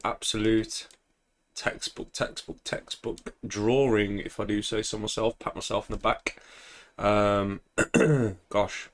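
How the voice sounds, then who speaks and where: A young man casually talking through forex charts, relaxed and chatty with lots of ums, often clearing his throat and praising his own setups. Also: on the low side, slow pace. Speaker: forex trader. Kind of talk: casual screen-share market commentary.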